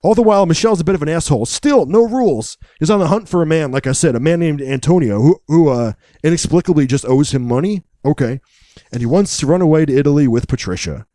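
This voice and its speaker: Guy doing a jokey deadpan movie recap on a podcast, mellow low-key voice, dry close sound. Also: fast talker, no echo. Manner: wry, joking, deadpan asides. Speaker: podcast co-host recapping a film. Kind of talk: casual comedic film recap.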